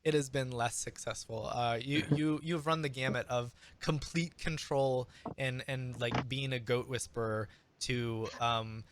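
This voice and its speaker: A man's voice: mid-range voice, fairly even intonation, background noise. Chuckling man running a tabletop game. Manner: joking, chuckling, halting with fillers. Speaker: game master.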